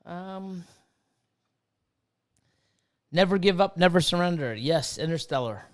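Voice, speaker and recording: A fifty-something man with a high-pitched, smooth voice rants profanely and casually. He swears freely and breaks off to read viewers' chat aloud. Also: lively intonation, slow pace. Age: 50s. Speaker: livestream host and snake breeder.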